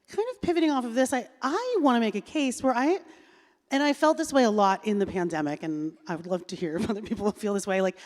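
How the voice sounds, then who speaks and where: A woman in her thirties moderating a live panel, chatty and reflective with many fillers. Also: medium pitch. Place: large hall on stage. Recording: reverberant hall.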